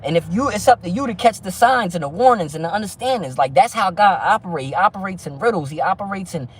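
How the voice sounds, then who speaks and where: A man's voice: high voice, animated, fast talker, slightly rough. A man hosting a livestream, rambling to his viewers about faith and keeping it real, full of street slang, profanity and stumbling restarts. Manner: stumbling restarts, frequent "you feel me". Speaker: livestream host. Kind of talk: casual livestream chat with viewers.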